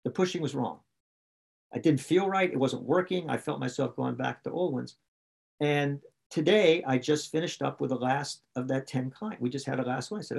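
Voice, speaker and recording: A man's voice: on the high side, a little fast, creaky, husky. A man from West Virginia, a coach and podcast guest, talking candidly in a rambling, self-correcting way. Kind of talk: candid conversation.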